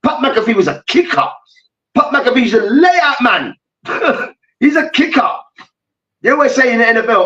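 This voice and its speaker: A man's voice: extremely high pitch, very animated, fairly quick, a bit bright, recorded from a distance, highs cut off. A man co-hosting a heated sports debate, ranting animatedly with lots of slang and swearing. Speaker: co-host.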